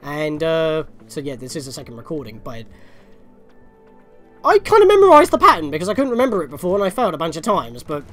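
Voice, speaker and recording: This young man's voice sits a little high and a bit bright, swinging hugely in pitch at a quick pace. He's giving loose, chatty gameplay commentary over a walkthrough, correcting himself mid-sentence, while game music plays faintly.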